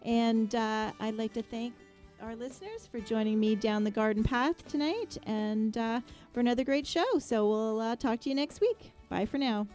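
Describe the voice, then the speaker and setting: A woman's voice: a little high, normal speed, darkish tone, soft background music. A woman hosting a casual radio talk show, chatting and rambling with many fillers. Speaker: radio show host, landscape designer.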